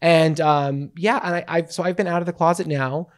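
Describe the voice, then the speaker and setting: A man's voice: a little high, moderate pace. Theatrical young man telling stories. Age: 20s. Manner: theatrical, animated storyteller; cheeky, playful joking. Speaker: podcast co-host. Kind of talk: casual podcast chat.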